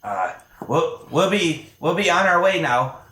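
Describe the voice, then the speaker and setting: Male player doing a nervous guard who keeps stammering sorry, lively pitch, roomy sound. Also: measured pace, heavily acted. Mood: flustered. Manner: stammering, apologetic. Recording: echoey room.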